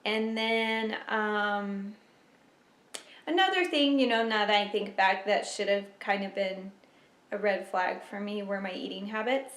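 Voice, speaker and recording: A young woman vlogger chatting casually to camera at home, emotional and quick to laugh. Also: mid-range voice, a bit bright. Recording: echoey room.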